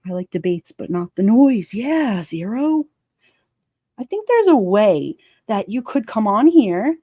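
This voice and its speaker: A woman's voice: mid-range voice, warm tone, no echo, muffled recording. A woman hosting a casual livestream, chatting and reading comments from her chat in a rambling way, laughing often. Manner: rambling, laughs often, lots of fillers and restarts.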